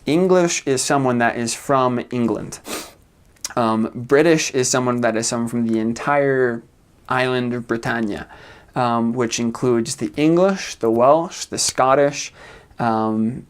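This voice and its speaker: A man's voice: medium pitch, measured pace, clear, resonant tone. A young American man in his twenties, a returned missionary, giving a casual informational talk with lots of fillers and frequent chuckles. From United States. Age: 20s. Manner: relaxed, many fillers, chuckles often.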